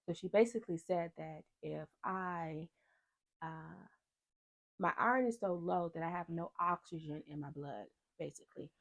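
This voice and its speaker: A vlogger tells her own story to camera in casual talk, her lower-register voice carrying a gravelly, fry-laced edge. She speaks at a normal speed, stays animated, and slips into the voices of the people she quotes.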